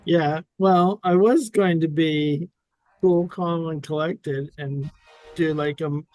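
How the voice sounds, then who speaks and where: A man playing in a tabletop game, relaxed and a bit hesitant as he talks. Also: on the high side, takes it slowly, dry recording, faint music behind. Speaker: player.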